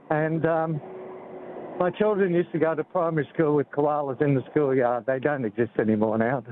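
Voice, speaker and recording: An Australian man in his seventies, speaking haltingly with many fillers and out of breath as he walks beside a highway. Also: slight background noise. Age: 70s. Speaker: activist interviewee. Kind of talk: phone interview. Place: outdoors walking by a freeway. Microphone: phone. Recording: tinny phone line with faint outdoor ambience.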